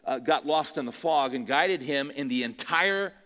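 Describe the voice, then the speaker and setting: A man's voice: on the high side, normal speed, pushed and bright. A man preaching a sermon, telling a story in a conversational way and asking his listeners rhetorical questions. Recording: long hall reverb.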